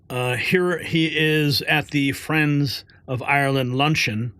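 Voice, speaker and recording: Bright-voiced host reacting to clips. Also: male voice, on the high side, slow, hardly any pauses, clear, resonant tone, dry recording. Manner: effusive, reacts aloud to what he plays. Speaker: news show host. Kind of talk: commentary over clips.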